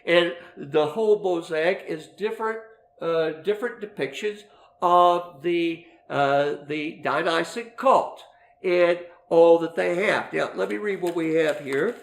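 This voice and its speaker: A middle-aged man teaching a Bible lesson, explaining slowly with many fillers and restarts. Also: a little high, creaky, echoey room.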